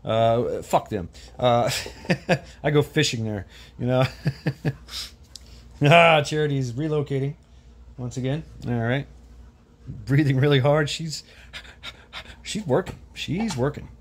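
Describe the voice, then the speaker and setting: A man's voice: mid-range voice, measured pace. A man from the United States ranting off the cuff as a vlogger, blunt and profane, with many stammered restarts. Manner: rambling, full of restarts and stammered repeats. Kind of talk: off-the-cuff political rant.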